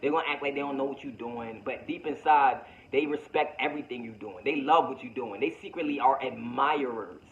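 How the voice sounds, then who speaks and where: A man's voice: mid-range voice, brisk, hardly any pauses, lo-fi sound. A man vlogging a motivational monologue to his viewers, preachy and slangy, repeating himself and calling them baby.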